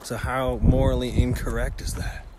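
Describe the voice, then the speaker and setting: Crude, excitable man vlogging outdoors. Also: mid-range voice, normal speed. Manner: crude, excitable, swears constantly. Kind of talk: profane outdoor travel vlog. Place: outdoors at nature spots on a road trip. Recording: loud outdoor noise, wind and vehicles.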